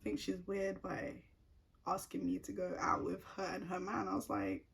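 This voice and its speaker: A woman's voice: lowish voice, sing-song, normal speed, vocal fry, slightly rough. A young woman telling a personal story at home in a chatty, casual way, full of "like" fillers. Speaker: vlogger.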